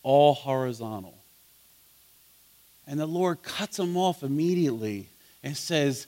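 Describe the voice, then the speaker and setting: A man teaching a Bible study as pastor, asking his listeners questions and swinging between loud emphasis and soft asides. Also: a little high, expressive, measured pace, long pauses.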